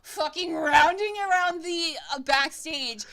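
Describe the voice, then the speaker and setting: A woman's voice: very high voice, measured pace, a bit bright. A woman narrating as game master in a tabletop game, rambling, swearing freely and laughing often.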